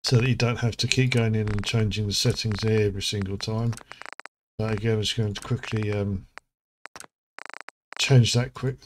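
A man's voice: fairly low pitch, fairly even intonation, moderate pace, pauses often, noisy background. A man, hosting a casual gameplay commentary, chatty and rambling, with lots of fillers and asides. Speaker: gaming channel host. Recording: music playing underneath.

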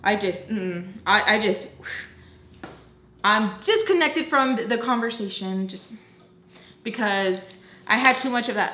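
A woman's voice: on the high side, a little slow, pushed and bright, a little hiss or hum. A young woman vlogger telling a casual story, frank and profane, with lots of fillers. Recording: roomy echo.

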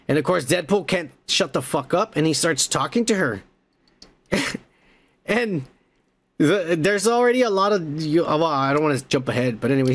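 A man hosting a podcast who recaps a film in a rambling, profane, casual way. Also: fairly high pitch. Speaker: podcast host.

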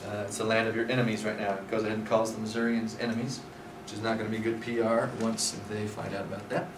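A man's voice: lowish voice, little pitch movement, fast. A man teaching a scripture class, telling the history in a conversational way with many fillers. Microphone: far from speaker. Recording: roomy, distant, noisy room.

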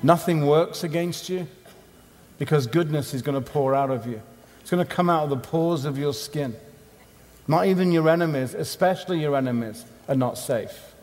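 A man's voice: fairly high pitch, moderate pace, darkish tone. A man giving a conference sermon, emphatic and rhythmic, in short punchy phrases. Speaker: conference speaker. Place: conference hall. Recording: long hall reverb.

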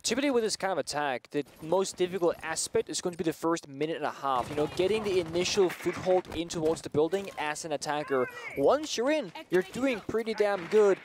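A man's voice: on the high side, lively intonation, fairly quick, few pauses, noisy background. A man giving chatty, explanatory color commentary on an esports match. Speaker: esports analyst.

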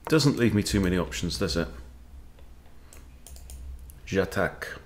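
A man's voice: low voice, animated, quick pace, a little mellow. A man who coaches chess, thinking aloud as he plays and talking to himself with wry asides. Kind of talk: thinking-aloud game commentary.

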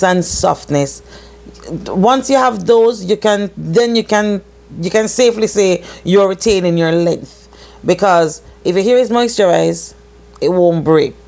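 A woman's voice: medium pitch, a little mellow. A woman chatting casually to camera as a hair care vlogger, rambling and slipping into patois.

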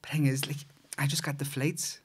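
A man's voice: fairly high pitch, level tone, fairly quick, breathy edge. A man, a podcast guest who gives short, laconic answers and swears often. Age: 30s. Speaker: podcast guest, former boxer. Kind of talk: casual chat.

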